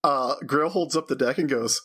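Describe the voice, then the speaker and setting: Husky-voiced man running a tabletop game. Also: mid-range voice, normal speed, fairly bright tone. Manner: chatty and hesitant, many fillers. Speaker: game master.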